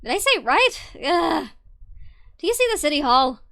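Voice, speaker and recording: A woman voicing a flustered male navigator who shouts directions over a radio. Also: sits high, moderate pace, no echo, clean studio sound, voice pushed up, exaggerated voice. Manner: loud, flustered, excitable.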